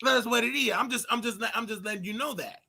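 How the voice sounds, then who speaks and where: A man's voice: very high voice, fast, vocal fry, sharp tone, slightly rough. A man ranting casually on a livestream in a flamboyant, sing-song way, with sudden yelps and laughter. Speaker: online preacher commentator.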